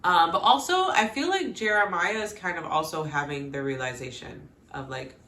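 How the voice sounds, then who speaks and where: A woman casually recapping a TV episode with lively, animated reactions, quoting the characters and laughing often. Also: lowish voice, normal speed, reverberant. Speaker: recap vlogger.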